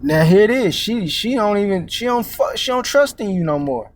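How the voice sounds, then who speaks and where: A man with a noticeably high voice delivers a casual street-style sermon. He cusses freely, drops "man" and "you know" constantly, and stalls on stammered repeats before pushing his point. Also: expressive, normal speed. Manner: casual and profane, many fillers and "man", "all right?"; repeats words while searching, stammering restarts. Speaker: preacher.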